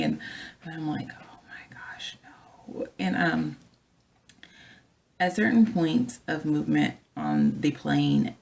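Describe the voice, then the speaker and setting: A woman with a low voice and a gravelly edge recounts a story from her job as a flight attendant. She talks casually and with animation, often turning to her viewers as she goes. The feel is a relaxed vlog. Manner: chatty, animated, addresses viewers directly.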